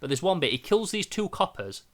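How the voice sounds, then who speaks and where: Bright-voiced, animated man. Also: sits high, brisk. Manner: animated, sweary, acts out scenes. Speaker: podcast film reviewer. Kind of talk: casual film review chat.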